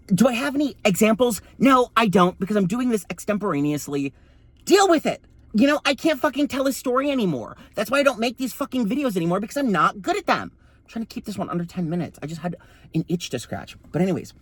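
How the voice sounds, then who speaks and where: Man, campy, sassy, profane, theatrical, lively pitch, vlog storytelling. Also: fairly quick, dry recording. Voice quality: voice read as feminine. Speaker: vlogger.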